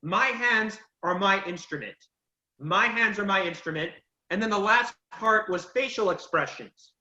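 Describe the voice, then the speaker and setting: Guy teaching a speech class, encouraging, quizzes the kids, pretty high voice. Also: unhurried, pushed and bright, a little hiss or hum. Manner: encouraging, emphatic, asks the class questions. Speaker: public speaking teacher. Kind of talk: online class feedback and recap. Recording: lo-fi echoey room audio.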